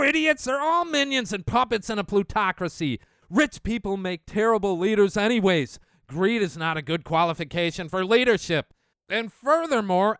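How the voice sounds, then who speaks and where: A male podcast host in full rant, his pitch leaping high and dropping low as he goes from indignant shouting to grumbling under his breath. His voice is smooth and resonant, recorded dry and close with no room sound. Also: no room sound. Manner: indignant, ranting, swings from shouting to low mutters. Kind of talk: angry political rant.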